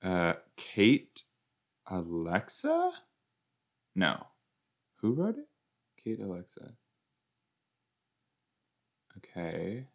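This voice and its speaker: A man casually commenting while he watches a show, chatty and quick to exclaim or laugh. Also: deep voice, huge pitch swings. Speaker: reaction video host.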